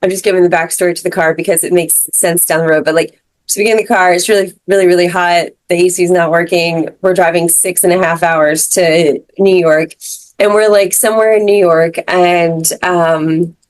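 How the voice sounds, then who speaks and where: A woman's voice: lowish voice, fairly even intonation, normal speed, dry recording. A woman co-hosting a podcast, telling a personal story in a casual, rambling way with lots of fillers and restarts. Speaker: podcast co-host. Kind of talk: casual chat.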